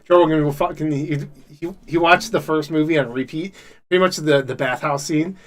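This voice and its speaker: A man's voice: fairly high pitch, fairly even intonation, brisk. A man co-hosting a podcast in casual chat, rambling and swearing constantly with enthusiasm. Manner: rambling, heavily profane, enthusiastic. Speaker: podcast co-host.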